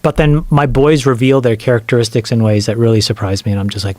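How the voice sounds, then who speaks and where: Podcast guest, middle-aged man. Lively, profane storyteller, middle pitch, dry sound. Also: fast, no echo. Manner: animated, profane storyteller who acts out quoted lines. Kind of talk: casual storytelling.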